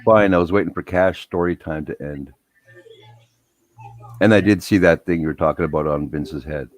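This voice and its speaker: A man's voice: low-pitched, moderate pace. A man chatting on a live stream, laid-back with a dry, teasing wit. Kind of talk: casual live-stream chat.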